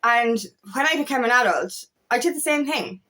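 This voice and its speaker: Brief: female empowerment coach, fairly high voice, blunt and emphatic, curses for effect, talks straight to camera. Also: expressive, normal speed, pushed and bright. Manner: emphatic, swears freely, repeats phrases. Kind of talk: motivational talk to camera.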